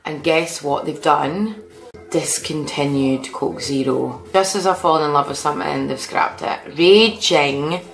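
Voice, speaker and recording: A woman vlogger talks to camera in a low-pitched, easygoing voice. She chats in an animated, slightly sweary way. The sound is roomy, with a clear echo. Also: normal speed. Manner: chatty and animated, with mild swearing. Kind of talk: casual chat to camera. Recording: echoey room.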